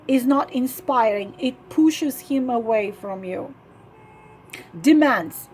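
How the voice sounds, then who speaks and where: A woman, the channel's host, giving earnest, repetitive, emphatic relationship advice in a monologue and often clearing her throat. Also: a little high, slow, darkish tone. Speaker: online relationship advisor.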